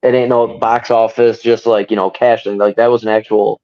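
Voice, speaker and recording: A man's voice: fairly low pitch, little pitch movement, moderate pace, a little mellow, dry recording. Rambling man, slightly dull sound. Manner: rambling, many fillers like "like" and "you know". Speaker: podcast co-host. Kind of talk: casual chat among friends.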